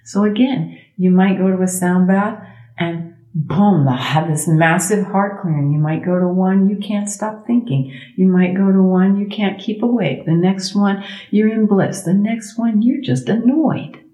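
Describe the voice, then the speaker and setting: A middle-aged woman, a sound healer speaking as a guest in a conversational interview, expressive and emphatic, leaning on slow repetitions. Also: mid-range voice, roomy sound. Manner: expressive, acts out inner thoughts in quoted voices.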